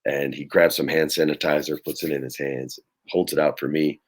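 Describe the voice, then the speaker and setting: A man as an interview guest, telling lively, frank anecdotes in a casual, profane way. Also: rumbling low, normal speed, slightly rough.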